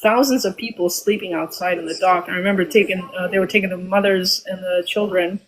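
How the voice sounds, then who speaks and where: A woman's voice: on the low side, steady tone, brisk, low-quality recording. Woman from Albania recounting her past. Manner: reflective, many ums and restarts. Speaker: guest. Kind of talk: personal storytelling.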